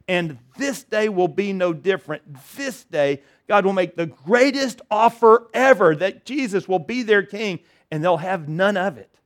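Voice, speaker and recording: A middle-aged man preaching a sermon in an earnest, conversational way, stumbling and restarting, swinging between loud declarations and quiet moments. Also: sits high. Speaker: pastor.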